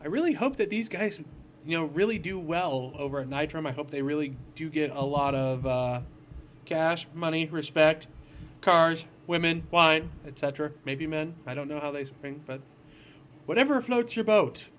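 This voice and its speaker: A man's voice: a little high, normal speed, fairly bright tone, slight background noise. Goofy rambling man playing a game. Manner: goofy, rambling, self-deprecating. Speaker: gaming video host. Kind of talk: casual let's-play commentary.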